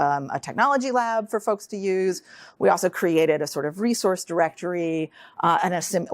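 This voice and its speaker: Middle-aged American woman, guest lecturer, earnest and excitable, low-set voice. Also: no room sound, clean studio sound. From United States. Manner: earnest, many ums, quick when excited. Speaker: guest speaker. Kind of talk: lecture talk.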